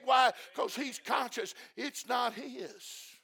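A male preacher delivering an impassioned sermon, repeating phrases and breaking into shouts. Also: extremely high pitch, takes it slowly.

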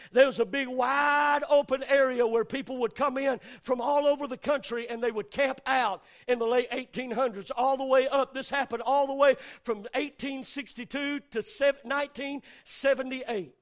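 Male Southern preacher, very high pitch, shouted chanting sermon delivery. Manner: shouting, chanted preaching with long drawn-out cries.

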